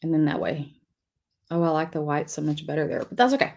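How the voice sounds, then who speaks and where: A middle-aged woman chats her way through a live craft lesson. Her voice sits a little low, and she talks loosely and warmly to viewers while she draws, picking up their comments as she goes. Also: animated, quick pace, gravelly. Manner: chatty, reads viewer comments aloud while drawing. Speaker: lettering class host.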